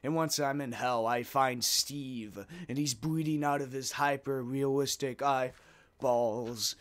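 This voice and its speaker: A young man doing casual let's play commentary, talking to himself and swearing a lot, swinging from mumbles to loud outbursts. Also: mid-range voice, fairly even intonation, takes it slowly. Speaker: gamer.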